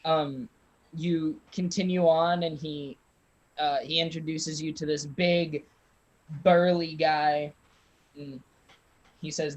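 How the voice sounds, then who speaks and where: A man narrates a tabletop game as its game master. He talks casually and halting, stopping often to find his words. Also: a little high, little pitch movement, rough recording.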